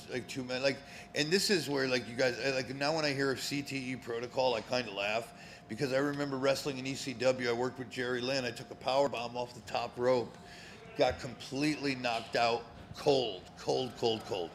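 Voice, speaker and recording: A man's voice: medium pitch, fairly quick, a bit bright, a little hiss or hum. A man in his fifties from Connecticut, a former pro wrestler guesting on a live show, telling stories in a rambling, profane way with many fillers. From Connecticut, USA. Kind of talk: casual storytelling. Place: cigar lounge, live show.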